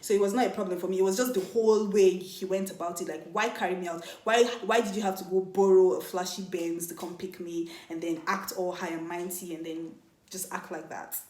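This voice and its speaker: A young woman telling a dating story in a casual, animated vlog, often laughing and mimicking other people. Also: lowish voice, a little fast. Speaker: vlogger. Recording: echoey room.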